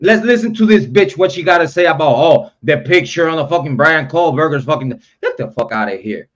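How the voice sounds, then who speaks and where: A man's voice: fairly high pitch, lively intonation, fairly quick. A young man hosting a true crime live stream, ranting in a heated, profane, repetitive way. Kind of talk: angry live-stream rant.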